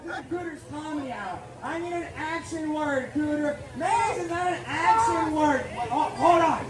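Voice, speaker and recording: High, shouty show host. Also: male voice, animated, moderate pace. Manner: shouty, crowd-rousing, exasperated straight man. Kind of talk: live comedy show hosting. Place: outdoor animal park show arena. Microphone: handheld PA mic recorded from the audience. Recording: echoey PA from far off with loud crowd and noise.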